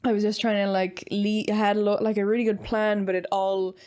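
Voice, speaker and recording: A woman's voice: mid-range voice, little pitch movement, a little fast, darkish tone, clean tone. A young woman chatting casually as a podcast guest, telling rambling stories full of fillers. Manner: rambling, filler-heavy storytelling. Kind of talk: casual chat.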